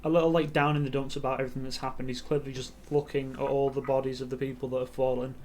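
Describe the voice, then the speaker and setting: A man's voice: medium pitch, level tone, rapid-fire, a little mellow, a little hiss or hum. A man running a tabletop game on stream as game master, narrating loosely and hesitantly with many fillers. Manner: loose, hesitant narration full of ums and "sort of".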